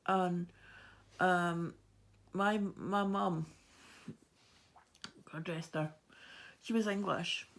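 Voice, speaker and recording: A woman with a Fife Scottish accent talks in a relaxed, chatty way while she stitches. Her voice has a gravelly, fry-edged texture, and she often laughs as she rambles through her anecdotes. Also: lowish voice. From Scotland. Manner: rambling, laughs often, many fillers and restarts. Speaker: cross-stitch vlogger.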